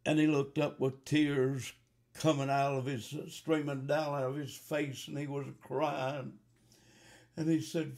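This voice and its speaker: A man preaching a fiery revival sermon, slow at first and rising to loud, fervent appeals. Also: a little high, flat delivery. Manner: slow, building to shouted fervor.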